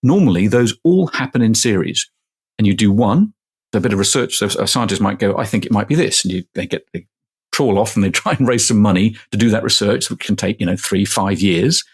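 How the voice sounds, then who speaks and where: A man's voice: lowish voice, brisk, breathy edge. A middle-aged man, a professor, answering interview questions casually and explaining step by step with everyday examples. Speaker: guest, manufacturing professor.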